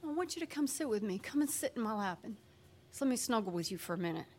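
A woman voicing God as a gentle, loving male figure who speaks softly and coaxingly. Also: a little high, big pitch swings, fast. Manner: soft, coaxing, hushed.

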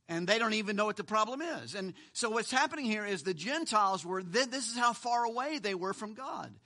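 A man's voice: high voice, sharp tone. A male pastor preaching a sermon, emphatic and full of rhetorical questions, often repeating a word for stress.

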